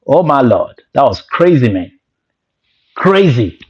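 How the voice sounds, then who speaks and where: A man with a Nigerian accent telling a story in a casual, animated way, with laughs and Pidgin asides. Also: medium pitch, slow pace, a little hiss or hum. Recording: lo-fi dull sound.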